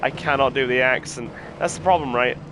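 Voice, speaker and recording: A man with a worn, strained voice giving slow, rambling commentary while streaming a game. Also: mid-range voice, fairly bright tone, a little hiss or hum. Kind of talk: casual gameplay commentary.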